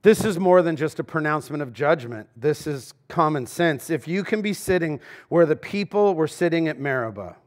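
A pastor preaches in a conversational way. His voice sits a bit high for a man. He jumps between loud emphasis and quiet asides as he speaks to the congregation. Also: animated, moderate pace, few pauses. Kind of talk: sermon. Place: church sanctuary.

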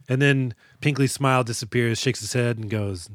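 A man's voice: medium pitch, steady tone, a little fast, few pauses, no echo, studio quality. A man co-hosting a casual movie podcast, joking and acting out lines from films. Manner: jokey, acts out movie lines in quoted voices. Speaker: podcast co-host.

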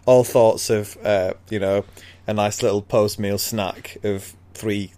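Low-voiced man retelling a story. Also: fairly even intonation, slow pace, mellow. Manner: easygoing storyteller, laughs often. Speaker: podcast co-host.

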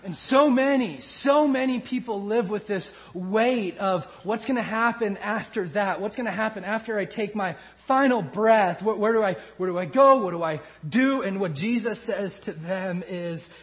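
A man preaching a sermon with passion, swinging from loud emphasis to hushed lines. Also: sits high, normal speed, few pauses, highs cut off. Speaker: pastor.

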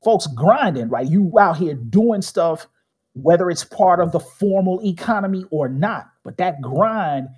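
A middle-aged man, a guest telling animated stories in casual conversation, often tagging his points with "right?" and acting out quotes. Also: high voice, measured pace, slightly rough. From Chicago.

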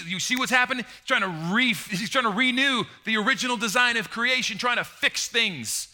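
With a very high-pitched voice, a man delivers an impassioned sermon that swings from loud emphasis to quiet, emotional moments. He draws out the key words.

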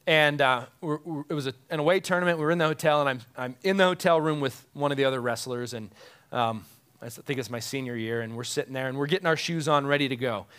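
A man's voice: mid-range voice, fast, fairly bright tone, smooth. A man who is a pastor, preaching a conversational sermon to his congregation, often chuckling and repeating key phrases for emphasis.

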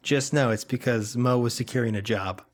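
A man's voice: medium pitch, normal speed. A man co-hosting a podcast, telling a story with sarcastic asides and comic swearing. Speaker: podcast co-host. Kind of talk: casual storytelling chat.

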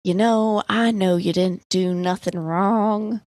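A woman's voice: medium pitch, fairly even intonation, takes it slowly, darkish tone, no echo, clean studio sound, close to an everyday voice. A woman voicing a folksy, fatherly Southern male sheriff in a friendly good-cop drawl. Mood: coaxing.

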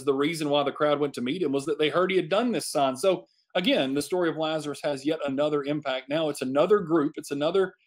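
Male preacher, slightly raised pitch, emphatic delivery with repeated phrases, sermon style.

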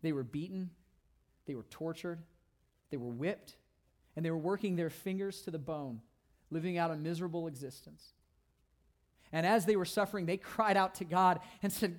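A man preaching a sermon as a pastor, emphatic, repeating phrases for stress and swinging between loud declarations and hushed asides. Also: sits high, animated, moderate pace, pauses often.

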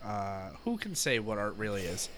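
A man's voice: lowish voice, very animated, normal speed, crowd noise. A man co-hosting a podcast, rambling and joking in casual chat, laughing often. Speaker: podcast co-host.

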